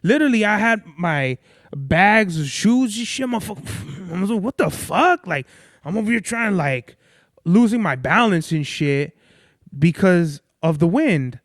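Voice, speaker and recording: High-voiced rambling profane young man. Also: lively intonation, measured pace, no echo, clean studio sound. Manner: rambling, profane, loses his train of thought. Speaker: podcast host. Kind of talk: casual monologue.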